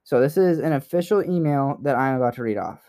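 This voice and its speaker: A young American man co-hosting a casual podcast, his voice sitting at an ordinary middle pitch. He rambles with lots of fillers and restarts, then turns heated, emphatic and profane when something bothers him. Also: fast talker, warm tone. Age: young adult. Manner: rambling, gets heated and swears when riled. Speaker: podcast co-host.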